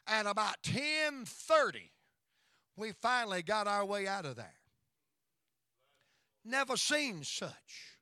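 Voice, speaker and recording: A man's voice: high-pitched, very animated, takes it slowly, long pauses, bright, forceful tone, no room sound. A middle-aged male pastor telling stories in a sermon, emphatic and folksy, often breaking into praise. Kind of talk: storytelling sermon.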